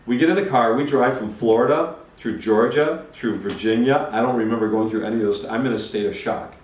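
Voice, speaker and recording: A man telling a personal story in an excited way, often restarting and repeating words. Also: medium pitch, a little fast. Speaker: storytelling guest. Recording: roomy, distant, faint noise.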